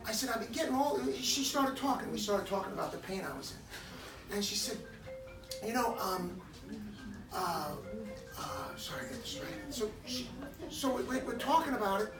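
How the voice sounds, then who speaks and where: Man, animated storyteller, acts out dialogue, roomy echo, heard from a distance. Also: high-pitched, normal speed, music in the background. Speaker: dog owner giving remarks. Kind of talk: emotional personal storytelling. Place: hair salon gathering, indoors. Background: crowd of listeners.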